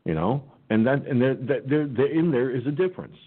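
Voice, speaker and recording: A man hosting an online talk radio show, talking in a folksy, halting way with many restarts. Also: medium pitch, animated, breathy edge. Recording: phone-like lo-fi audio.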